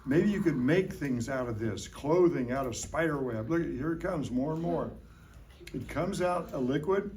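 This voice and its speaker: A man's voice: a little high, animated, moderate pace, a little mellow. A middle-aged man giving a hands-on science demonstration to a classroom of young children, playful and jokey, coaxing them with questions. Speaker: science educator. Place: elementary school classroom.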